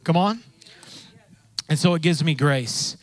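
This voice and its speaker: This pastor preaches slowly in a relaxed, conversational sermon, his voice sitting a little high for a man. He repeats phrases and takes on the voices of those he quotes, and the dry recording sounds close to the mic.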